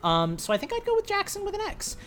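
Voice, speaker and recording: A woman's voice: very high voice, wildly swooping pitch, quick pace, a little hiss or hum. A woman co-hosting a casual gaming podcast, chatty and rambling with lots of ums. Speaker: podcast co-host.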